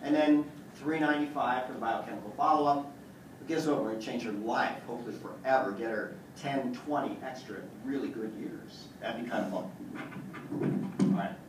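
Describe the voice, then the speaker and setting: A man's voice: medium pitch, a little fast, heavy background noise. A man who is a chiropractor, giving a joking, boastful live demonstration talk to an audience as he works on a patient. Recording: echoey room, voice from far off.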